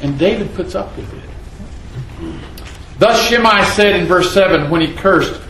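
A man's voice: sits high, unhurried, pushed and bright, reverberant, slight background noise, low-quality recording. A man preaching a sermon, reading scripture dramatically and asking the audience rhetorical questions. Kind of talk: expository sermon.

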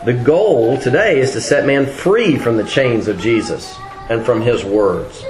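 A man's voice: medium pitch, lively intonation, measured pace, darkish tone, roomy sound, rough recording. A man preaching a sermon in a conversational way, with frequent fillers and restarts.

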